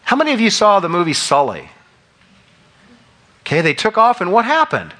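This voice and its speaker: Middle-aged man, pastor. Bright, slightly high voice, animated sermon delivery with emphatic peaks. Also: moderate pace. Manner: animated, conversational preaching with rising emphatic peaks.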